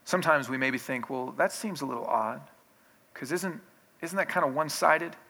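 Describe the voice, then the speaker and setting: A man's voice: fairly high pitch, moderate pace, pushed and bright. A man preaching a sermon in a conversational way, with restarts, building in intensity. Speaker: pastor.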